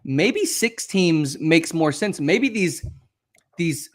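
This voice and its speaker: A young man co-hosting a casual sports show, talking fast and freely, swearing and acting out what others say. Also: on the high side. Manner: animated, swears freely, acts out quotes. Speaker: podcast co-host.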